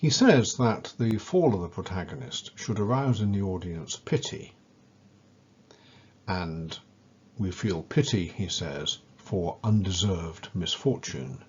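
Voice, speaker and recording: A man giving a measured, scripted lecture and leaning on key words as he explains ideas. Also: low-pitched, animated, husky, lo-fi sound.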